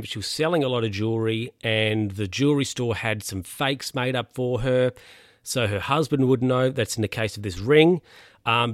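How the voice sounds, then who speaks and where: A man's voice: medium pitch, fairly bright tone, dry recording, clean studio sound. A man casually recapping a TV episode, rambling, with lots of fillers and restarts. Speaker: podcast host recapping a TV episode. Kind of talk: casual chat.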